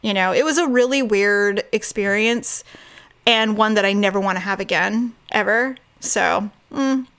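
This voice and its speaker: A woman's voice: medium pitch, unhurried, fairly bright tone. A woman telling a story in a casual podcast chat. She acts out the other people's lines and laughs often.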